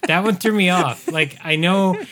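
A man's voice: sits high, moderate pace, sharp tone. A man hosting a podcast in casual chat, joking and laughing at himself. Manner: joking, self-deprecating, laughs often. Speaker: podcast host.

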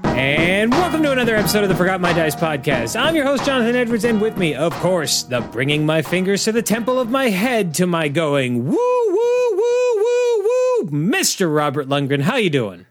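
A man's voice: sits high, big pitch swings, fairly quick, few pauses, music in the background. A man hosting a podcast, chatting casually with a co-host and cracking playful jokes. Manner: jokey, playful banter. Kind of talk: casual chat.

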